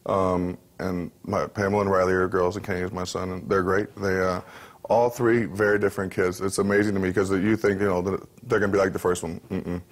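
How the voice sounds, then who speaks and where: Fast-talking low-voiced man, candid. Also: flat delivery. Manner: easygoing, candid, frequent fillers and restarts. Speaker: interview guest, pro football player. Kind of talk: relaxed interview talk.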